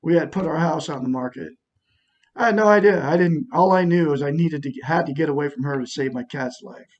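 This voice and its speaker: A man's voice: on the high side, fairly quick, muffled recording. A middle-aged man telling a long personal story in a rambling, aggrieved way, with many restarts. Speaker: vlogger. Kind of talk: casual personal monologue.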